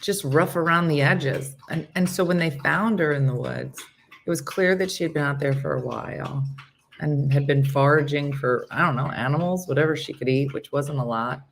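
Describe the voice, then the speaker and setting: Low-voiced woman telling a rambling story. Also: normal speed, vocal fry, slight background noise. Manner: rambling, animated storytelling with acted-out quotes. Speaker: morning show host. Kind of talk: casual storytelling chat.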